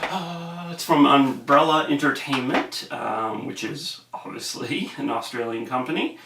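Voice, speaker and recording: A man's voice: mid-range voice, measured pace, background noise. A young man giving a casual film review, rambling and hesitant with lots of fillers. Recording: roomy echo, mic at a distance.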